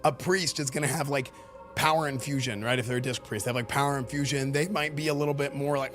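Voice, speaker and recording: A male streamer giving excitable, rambling live commentary, full of fillers and repeated words. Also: mid-range voice, fast, soft background music. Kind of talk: live-stream commentary reacting to game questions.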